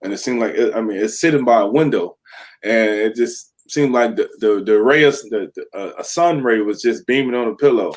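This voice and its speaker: A man's voice: medium pitch, moderate pace. Man telling a candid life story. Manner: animated storyteller who acts out quoted voices and laughs. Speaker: guest, former pro football player.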